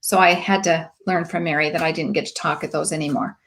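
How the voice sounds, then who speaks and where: A woman in her late fifties, a sales director giving a motivational talk, telling lively stories and acting out the voices of people she quotes. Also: low-pitched, quick pace. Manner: emphatic, preachy asides.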